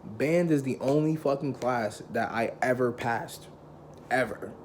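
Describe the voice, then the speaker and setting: A man's voice: mid-range voice, unhurried, a little hiss or hum. Slangy, profane young man telling a story. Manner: heavy profanity, slangy, loose and conversational; animated, acts out quoted people. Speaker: vlogger telling a personal story. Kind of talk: casual storytelling.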